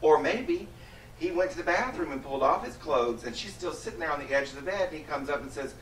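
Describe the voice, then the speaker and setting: A man's voice: a little high, animated, quick pace, a bit bright, slight background noise. A man co-hosting a gossipy casual chat in a sassy, campy manner. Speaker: co-host. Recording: roomy room, distant mic.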